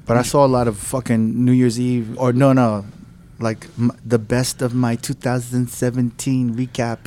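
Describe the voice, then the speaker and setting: A man's voice: medium pitch, flat delivery, normal speed, dark tone, a little hiss or hum. Incredulous, swearing man on a podcast. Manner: incredulous, questioning, profane. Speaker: podcast co-host. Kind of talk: casual chat.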